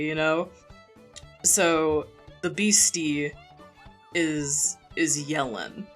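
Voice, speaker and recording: Low-voiced woman chatting on stream. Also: a bit bright. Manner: chatty, rambling, laughs often, self-interrupting. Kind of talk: casual live-stream chat. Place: home room. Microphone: borrowed desk mic. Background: faint background music.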